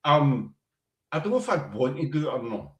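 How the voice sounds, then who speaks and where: A man's voice: medium pitch, very animated, normal speed, roomy sound, dull audio. A Scottish man with a Glasgow-area accent hosting a casual live-stream chat, rambling and self-mocking. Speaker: podcast host.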